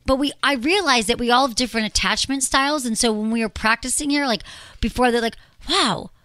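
A woman's voice: fairly high pitch, fast, dry recording, studio quality. A woman hosting a relationship advice show, chatting casually and acting out quoted lines. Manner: animated, acts out quoted lines.

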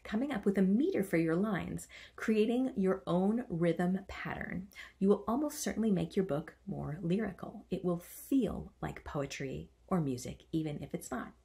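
A woman's voice: mid-range voice, animated, moderate pace, gravelly, mellow. A woman teaching a writing workshop. She chants the stressed beats aloud and adds playful, self-mocking asides. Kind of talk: online writing lesson.

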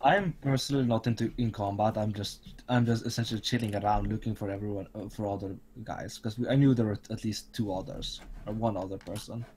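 A man's voice: on the low side, fairly even intonation, brisk, few pauses, a little mellow, slight background noise. Laid-back young male player. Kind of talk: casual tabletop game chat.

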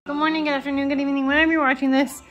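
Young woman, kinda high voice, rambly casual vlog update, lots of um and like, got the hiccups. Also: flat delivery, very fast, dull audio, over music. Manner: rambling, filler-heavy, self-correcting. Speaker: parent vlogger.

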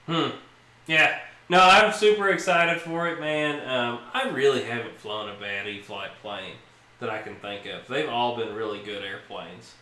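Bright-voiced man in an echoey room. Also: mid-range voice. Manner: easygoing, enthusiastic. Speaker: livestream co-host. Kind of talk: casual chat.

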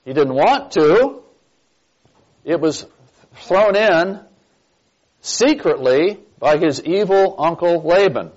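Male pastor leading a Bible class; unhurried, keeps asking the room questions, muffled church recording. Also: on the high side, expressive, darkish tone. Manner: slow, emphatic, quizzes the class with questions. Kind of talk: Bible study teaching. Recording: dull lo-fi recording.

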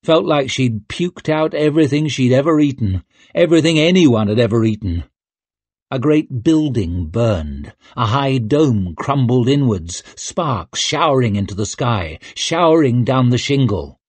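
A man narrating an audiobook in a measured, even storytelling manner. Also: medium pitch, slightly rough, no echo. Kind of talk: scripted narration.

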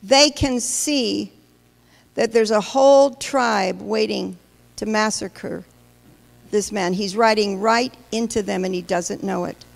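A woman's voice: medium pitch, slow, creaky. A woman pastor preaching a sermon, emphatic and questioning the congregation directly. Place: large church hall. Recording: long hall reverb.

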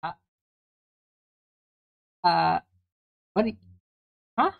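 A woman's voice: lowish voice, very animated, very slow, creaky, phone-quality sound. A woman co-hosting a comedic podcast, stammering and flustered, often repeating her words. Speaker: podcast co-host. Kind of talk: comedic vtuber podcast banter.

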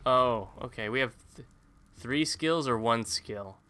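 A man's voice: medium pitch, measured pace, bright, forceful tone. A man casually commentating his own gameplay, rambling with jokey self-mocking asides. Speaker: gaming YouTuber. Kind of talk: casual let's-play commentary.

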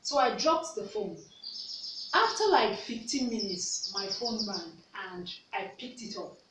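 A woman's voice: medium pitch, sing-song, a little slow. A Nigerian woman vlogger telling a personal story, earnest, repeating herself for emphasis. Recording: echoey room, mic at a distance, faint noise.

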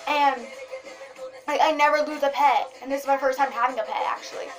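High-pitched young woman rambling on her vlog, says "like" a lot, music going behind her. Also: moderate pace, pauses often. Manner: excitable, rambling, lots of "like". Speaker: vlogger. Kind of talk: casual vlog chat.

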